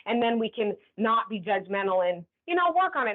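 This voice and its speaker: A woman leading a staff training class. She talks in a lively way and keeps checking in with the group. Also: fairly high pitch, normal speed, few pauses. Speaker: workplace trainer. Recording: tinny phone-like recording.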